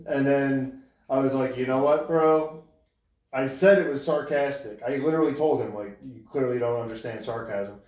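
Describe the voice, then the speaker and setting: A man's voice: medium pitch, darkish tone. A man co-hosting a podcast, telling stories in a laid-back, casual way and swearing freely. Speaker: podcast co-host. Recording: echoey room.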